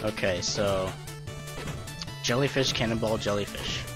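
A man's voice: lowish voice, measured pace. A man giving casual, jokey, self-deprecating commentary as he plays a video game. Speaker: let's play host. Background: faint game music.

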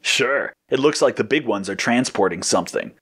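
A man's voice: medium pitch, lively intonation, moderate pace, fairly bright tone, slightly rough. A man voicing a cocky, laid-back male hero who talks casually. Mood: breezy. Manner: casual, breezy.

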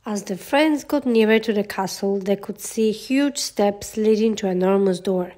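A woman narrates a children's fairy tale in a gentle, steady storybook voice. Her pitch sits in the middle range for a woman. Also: moderate pace. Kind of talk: children's storybook read-aloud.

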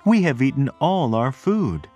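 A man voicing a stern, poor farm mother in a slow storybook reading. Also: mid-range voice, sing-song, a little mellow, soft background music, pitched above the performer's own voice. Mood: worried. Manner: scolding.

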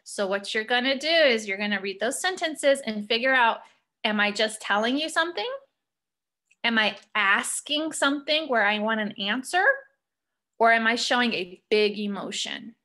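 A woman teacher walking young students through a punctuation lesson, reading sentences aloud slowly and asking prompting questions. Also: a little high, lively intonation, bright, forceful tone.

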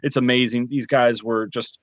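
A man's voice: mid-range voice, steady tone, moderate pace, no room sound. A man co-hosting a podcast, giving a casual, rambling TV review with lots of fillers. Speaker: podcast co-host reviewing a show.

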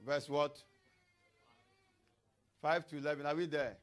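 A man's voice: a little high, fairly even intonation, unhurried. A man preaching a sermon in church as pastor, reading scripture aloud and breaking into tongues.

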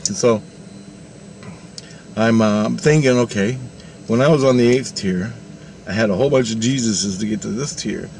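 A man's voice: lowish voice, normal speed, vocal fry, pauses often, a little mellow, slight background noise. A man rambling through a spiritual vision story, laughing often and acting out the dialogue.

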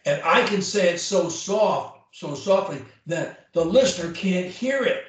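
An expressive man whose voice sits high takes a client through speech drills individually, a bit slowly, emphatically showing how each drill goes aloud. His mic is set back in a strongly echoing room.

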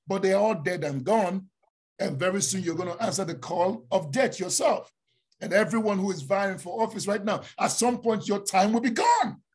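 A man's voice: high voice, breathy edge. A man with a Nigerian accent, a pastor giving a fervent, emphatic prophetic sermon. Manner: fervent, emphatic preaching with rising declarations.

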